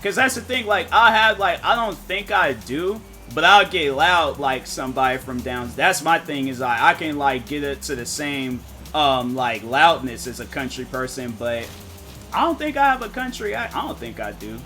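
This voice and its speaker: A man's voice: on the high side, animated, normal speed, pushed and bright, soft background music. A man streaming a game, chatting casually with viewers and rambling as he thinks aloud, often restarting his sentences. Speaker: gaming streamer.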